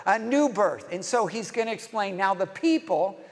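High-voiced preacher in a reverberant hall. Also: male voice, lively intonation, normal speed. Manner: conversational, acts out quoted lines, rhetorical questions. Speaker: pastor. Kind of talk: sermon.

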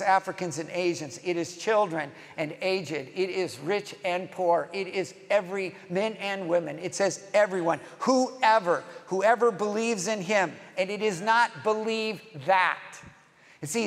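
A man's voice: high voice, fairly bright tone. A man preaching a sermon as a pastor, emphatic, leading the congregation to repeat phrases with him. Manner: emphatic, leads congregation in call-and-response. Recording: long hall reverb.

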